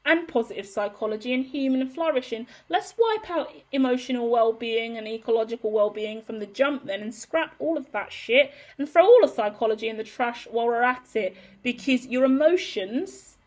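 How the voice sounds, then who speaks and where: A woman's voice: on the high side, a little fast, hardly any pauses. A woman giving a heated, profane monologue to camera as a tarot reader, blunt and ranting.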